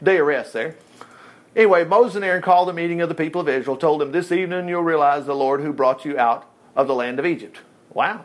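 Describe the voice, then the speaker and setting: A man preaching a sermon in a folksy, animated way, with chuckling asides and quick shifts between reading and commentary. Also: a little high. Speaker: pastor.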